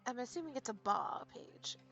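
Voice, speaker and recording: Woman player, high and bright, loose and profane, faint music bed. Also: big pitch swings, moderate pace, vocal fry, whispered. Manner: casual, swears freely, laughs often. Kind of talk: casual tabletop chat.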